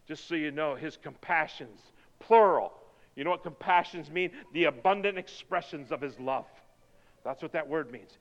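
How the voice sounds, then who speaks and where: A man in his fifties preaching a sermon, swinging from loud whoops to near whispers. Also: a little high, moderate pace, highs cut off. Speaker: pastor. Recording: reverberant hall sound.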